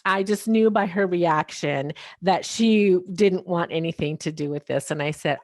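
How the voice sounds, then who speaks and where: Woman telling her story, low voice. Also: normal speed, few pauses, darkish tone, dry recording, clean studio sound. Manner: storytelling, quotes others, laughs often. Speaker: podcast guest. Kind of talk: personal testimony.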